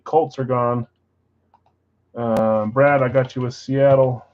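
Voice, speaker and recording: A man's voice: mid-range voice, muffled recording. A man hosting a live card break stream, reading off names and teams with chatty asides.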